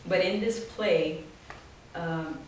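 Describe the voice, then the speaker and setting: A woman's voice: fairly low pitch, slow. Woman storytelling at a talk, laughs a lot, does little voices, kinda far off, super echoey room. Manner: animated, laughing, acting out voices in quotes. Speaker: guest artist. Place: small office event space. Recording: very echoey room, from off-mic, faint noise.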